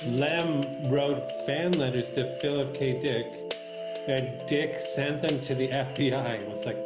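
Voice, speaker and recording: A man chats eagerly on a video call, his voice echoing around the room. Clear music plays behind him as he shares what he knows. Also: mid-range voice, fairly even intonation, measured pace. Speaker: co-host. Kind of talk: casual conversation over video call.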